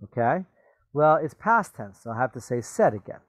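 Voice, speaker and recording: A man's voice: mid-range voice, very animated, normal speed, dry recording. A man teaching a reading lesson, reading a story aloud and patiently explaining the words, often checking with "okay?" and "right?".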